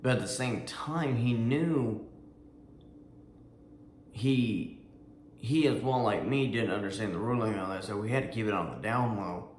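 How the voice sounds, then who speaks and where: A man's voice: on the low side, a little slow, long pauses, a little hiss or hum. A man who served in the Army, casually telling a personal story in a rambling way, with lots of fillers, restarts and some swearing. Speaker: Army veteran vlogger. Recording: echoey room with faint ambience.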